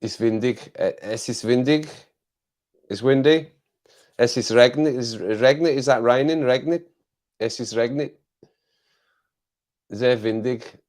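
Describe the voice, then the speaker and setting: A man's voice: mid-range voice, measured pace, long pauses, a little mellow. A man hosting a casual live chat, playful and chuckling often as he tries out phrases. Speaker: livestream host.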